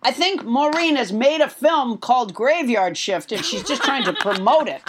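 A woman with a high, animated voice hosts a comedy podcast. She rambles and restarts her sentences, landing dry jokes. There is faint noise behind her. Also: normal speed. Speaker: podcast host. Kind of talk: comedic banter.

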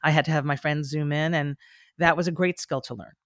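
A woman's voice: low-pitched, steady tone, a little fast, no echo, clean studio sound. A woman, a stage actor and coach, talking reflectively and earnestly as a podcast guest, often restarting her sentences. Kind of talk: casual podcast interview.

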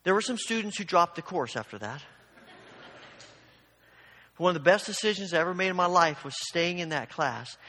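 High and animated, this pastor's voice is pushed and bright, moving at a moderate pace with frequent pauses. His sermon starts as a personal story and builds into fervent exhortation, echoing with long hall reverb.

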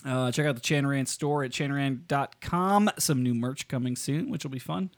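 A man's voice: medium pitch, normal speed. A man hosting a podcast from a home studio, joking and swearing in casual chat. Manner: joking, swearing, rambling with restarts. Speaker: podcast host.

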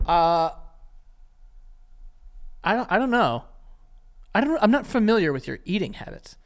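A man's voice: high-pitched, very animated, unhurried. A young man co-hosting a podcast, telling stories in casual chat and acting out what others said. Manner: laid-back storyteller, acts out quotes. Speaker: podcast co-host.

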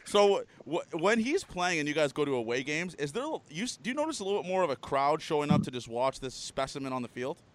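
A young man hosting a casual chat, brash and excitable, swearing freely. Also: a little high, fast, few pauses, no echo. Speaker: podcast host.

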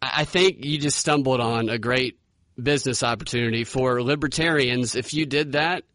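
A man's voice: mid-range voice, normal speed, fairly bright tone, dry recording. A man hosting a podcast, talking in a casual, wry way. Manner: wry, does mocking impressions. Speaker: podcast host. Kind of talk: casual political chat.

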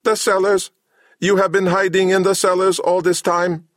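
A man voicing a pompous man trapped in a clumsy mechanical body, whose voice box squeals high and shrill when he is furious. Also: flat delivery, normal speed, a bit bright, no room sound, studio quality. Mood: shocked.

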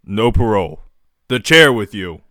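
A man's voice: lowish voice, big pitch swings, a little slow, bright, forceful tone, dry recording, clean studio sound. A man from Arkansas co-hosting a casual chat, joking and laughing often.

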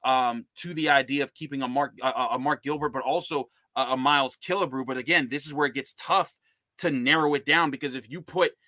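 Running through football roster choices on his casual sports podcast, this NFL analyst and host keeps restarting and using fillers. His mid-range voice is bright and forceful with fairly even intonation, fairly quick, in a dry recording.

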